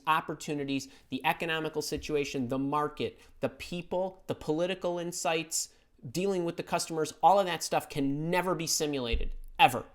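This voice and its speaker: Middle-aged guy doing a live q&a stream, blunt and emphatic, repeats himself to hammer a point, talks off the cuff. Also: medium pitch. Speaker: career advice host answering viewer questions. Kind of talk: live-stream Q&A, casual and opinionated.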